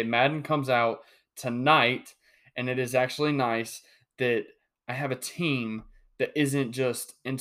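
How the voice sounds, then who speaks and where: A young man hosting a solo sports podcast, talking in an animated, joking way with many restarts. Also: medium pitch. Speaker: podcast host.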